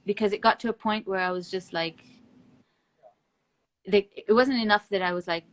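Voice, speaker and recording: A woman's voice: mid-range voice, normal speed, long pauses. A woman speaks as a guest in a loose live-stream conversation. Her talk is blunt and emphatic, with free swearing. She laughs between her points. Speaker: interview guest.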